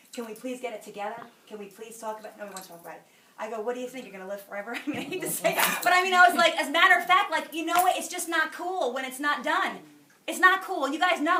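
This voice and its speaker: A woman giving a motivational talk to a meeting, telling stories and acting out the dialogue. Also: high voice. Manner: animated storyteller, acting out dialogue. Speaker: sales director speaking at a meeting. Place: meeting room. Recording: echoey room, from a distance, faint noise.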